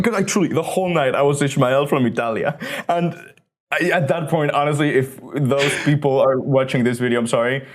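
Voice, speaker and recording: A man's voice: a little high, fairly quick. Joking young man from Mexico. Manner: animated storyteller, joking and self-mocking. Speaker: podcast guest. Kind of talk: casual podcast chat.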